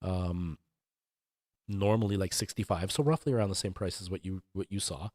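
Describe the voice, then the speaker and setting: A man's voice: low voice, normal speed, a little mellow, dry recording, clean studio sound. A man hosting a livestream, chatting casually and explaining audio settings to his chat. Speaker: livestream host.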